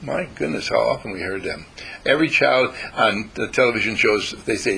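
A man giving a spiritual talk to a group, halting and repeating words as he teaches. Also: fairly low pitch, expressive, vocal fry, pushed and bright, a little hiss or hum, low-quality recording. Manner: halting, repeats words, acts out quoted voices.

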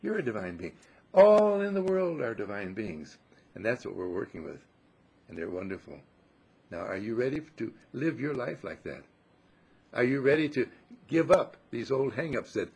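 Older male inspirational speaker, gravelly and warmly effusive, with big pitch swings on emphasis. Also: sing-song, moderate pace. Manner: effusive and affectionate, swoops up on emphasis. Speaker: spiritual speaker. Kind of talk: inspirational talk to a gathering.

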